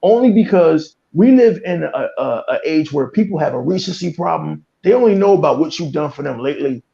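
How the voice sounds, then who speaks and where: Picture a male podcast host on a furious, cursing tirade, hammering the same points again and again. His voice is high-pitched with a dark, mellow timbre. The audio is muffled and lo-fi. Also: animated, brisk, vocal fry. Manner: fiery, cursing, repeats himself. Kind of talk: heated profane rant.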